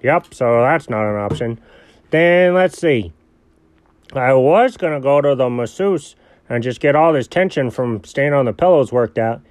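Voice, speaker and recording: A man playing a goofy, easygoing rich male dog in an improvised audio story, talking in a lively, rambling, bemused way. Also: mid-range voice, a little slow, no echo, natural voice.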